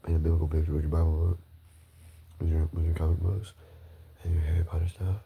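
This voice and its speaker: Deep gravelly rambling man. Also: little pitch movement, quick pace, phone-quality sound. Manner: rambling, profane, frequent apologies and restarts. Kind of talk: rambling solo monologue.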